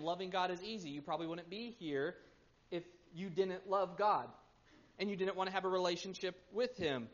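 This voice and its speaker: A pastor in his thirties preaching a sermon, swinging between loud emphasis and hushed, quiet stretches. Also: sits high. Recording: muffled lo-fi sermon recording.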